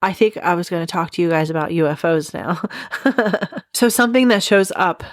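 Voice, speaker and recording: A woman's voice: lowish voice, moderate pace, no room sound, studio quality. A young woman hosting a podcast, telling a rambling story in a casual chat, laughing often and dropping self-deprecating asides. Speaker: podcast host.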